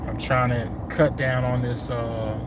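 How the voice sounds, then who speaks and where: A man who runs a landscaping business, chatting casually on a livestream from his truck, rambling and slangy, his voice going hoarse. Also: mid-range voice, little pitch movement, unhurried. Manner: rambling, laid-back, slangy talk. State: hungry and losing his voice. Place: inside his truck while driving. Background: faint vehicle road noise.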